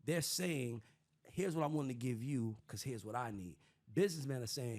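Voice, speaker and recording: A man's voice: mid-range voice, moderate pace. A man hosting a casual panel chat, profane and streetwise, acting out other people's voices as he explains. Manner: animated, acts out voices of others while explaining. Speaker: podcast host.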